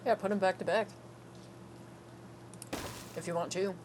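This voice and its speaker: Wanita streamer gim yang cerewet dan sering tertawa. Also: female voice, medium pitch, steady tone, a little slow, darkish tone, slight background noise. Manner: chatty, laughing, swears freely. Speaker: co-host. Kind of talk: casual gameplay stream chat.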